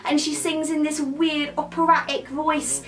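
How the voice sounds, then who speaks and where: A woman's voice: high-pitched, level tone, unhurried, fairly bright tone. A woman, giving a rambling, crude, irreverent comic recap of a film. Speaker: comedic film reviewer.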